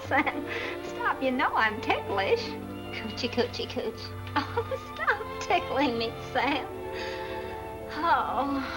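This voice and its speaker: A woman's voice: sits high, heavily acted, poor audio. An actress playing a dithery middle-aged woman who dreams aloud about a honeymoon, in 1940s film comedy style. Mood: giddy. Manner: fluttery, wistful, talking to an unseen husband.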